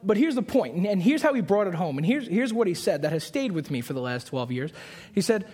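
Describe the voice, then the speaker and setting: A man in his twenties preaching a sermon, telling a story with animated voices and repeating key lines for emphasis. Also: high voice. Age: 20s. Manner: storytelling with animated put-on voices and quick asides.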